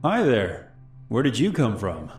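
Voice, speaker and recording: A man voicing a creepy smiling male stranger in his twenties, who speaks in a falsely friendly and quietly menacing way. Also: mid-range voice, wildly swooping pitch, a little slow, roomy sound, pitched above the performer's own voice. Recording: faint music underneath.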